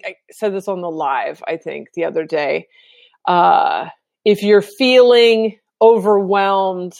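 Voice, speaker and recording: A woman hosting a conversation over a video call, reflective, pausing often with fillers. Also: mid-range voice, darkish tone, dry recording, studio quality. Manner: reflective, with many pauses and fillers. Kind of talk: casual conversation.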